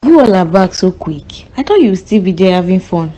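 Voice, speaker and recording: A woman's voice: fairly low pitch, big pitch swings, fairly quick, mellow, rough recording. A woman voicing a comforting older mother figure in a cartoon, speaking soothingly. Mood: motherly.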